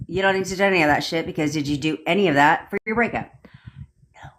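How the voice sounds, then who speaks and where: A young manifestation coach rants bluntly on a casual livestream, swearing plenty and responding to viewer comments as they arrive. Her voice is low-pitched with a fairly bright tone, picked up by a phone or webcam with slight background noise.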